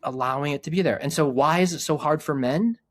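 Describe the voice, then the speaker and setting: A man's voice: on the high side, fast, no echo, clean studio sound. A middle-aged man and podcast guest who speaks earnestly and reflectively about his men's groups, often restarting his sentences. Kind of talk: casual conversation.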